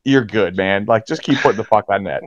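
Animated man telling referee stories. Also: a little fast, dry recording. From Pittsburgh area, USA. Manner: animated storyteller, acts out quotes with jumps in pitch. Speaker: hockey referee, guest. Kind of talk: casual interview chat. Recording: dry, slightly dull podcast audio.

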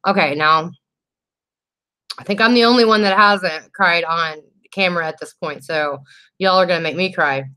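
A woman hosting a live makeup tutorial vlog. She chats warmly and personally, reads out viewer comments, and often restarts her sentences with "um". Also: lowish voice, moderate pace, smooth. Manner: chatty and heartfelt, with frequent restarts and "um". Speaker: makeup vlogger host.

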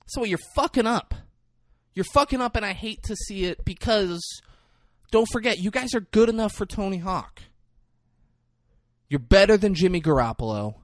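A man's voice: sits high, expressive, normal speed, dry recording, studio quality. A man hosting a comedy podcast, ranting in a casual, profane, jokey way. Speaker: podcast host.

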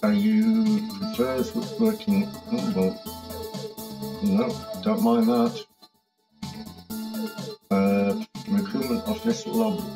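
High, lively, gravelly-voiced man musing over a game. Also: rough recording. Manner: musing, thinking aloud with frequent hums and fillers. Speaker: game streamer. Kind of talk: casual game commentary, reading in-game text aloud.

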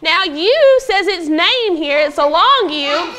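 A woman teaching a phonics lesson to young pupils in a classroom, patiently prompting them and sounding out words slowly. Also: very high voice, expressive, pushed and bright. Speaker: elementary school teacher.

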